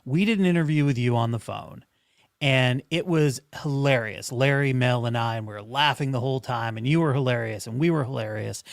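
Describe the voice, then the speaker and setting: A man's voice: medium pitch, brisk, no echo, studio quality. A man hosting a podcast, chatting casually and laughing along with his guest. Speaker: podcast host.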